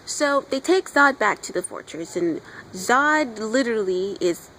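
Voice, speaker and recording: A woman's voice: a little high, lively intonation, a little slow, pushed and bright, a little hiss or hum, poor audio. Chatty gushing woman reviewing comics outdoors. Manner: gushing, chatty fan talk with playful voices for characters. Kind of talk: casual video review.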